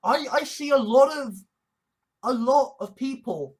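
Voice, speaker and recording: An online commentator rants indignantly and sarcastically in a compilation of monologues, swearing and often repeating or stumbling over his words. His voice is extremely high-pitched, and he speaks at a measured pace.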